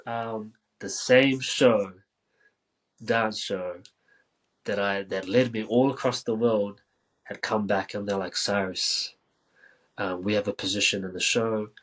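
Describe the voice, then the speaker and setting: A man from New Zealand, a podcast guest telling a story casually, with many filler words and lively quoted dialogue. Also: lowish voice, slow, long pauses, low-quality recording.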